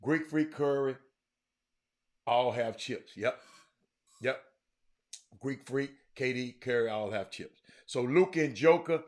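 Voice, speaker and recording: A middle-aged man hosting a sports talk show, chatting casually and teasing viewers in the comments with loud, animated outbursts. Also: medium pitch, slow, long pauses. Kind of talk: casual live-stream chat reading the comments.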